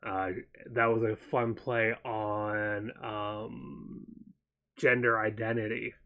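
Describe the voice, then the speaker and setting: A man co-hosting a casual chat show, wandering through his thoughts and pausing to recall details. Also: fairly low pitch, flat delivery, lo-fi sound. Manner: meandering, stops to recall details mid-sentence.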